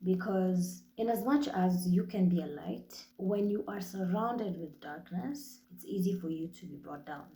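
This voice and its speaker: A young Kenyan woman talks straight into her podcast mic, blunt and cheerfully profane. Her voice sits mellow and a little dark, and the room around her rings with echo. She tells her stories in a lively, animated way. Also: on the low side, unhurried, hardly any pauses. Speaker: podcast host. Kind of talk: casual monologue.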